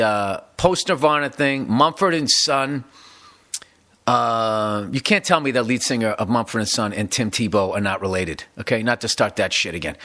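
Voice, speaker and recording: Man, middle-aged, from the US, podcast host, comic rant, swears a lot, slightly high voice. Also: fairly bright tone. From United States. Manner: profane, rambling, emphatic. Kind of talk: casual comedic monologue.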